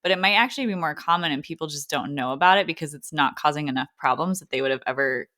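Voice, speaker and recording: Low-voiced woman, chatty. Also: no echo, studio quality. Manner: chatty, lively, quick to laugh. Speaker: podcast co-host, doctor. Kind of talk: casual chat.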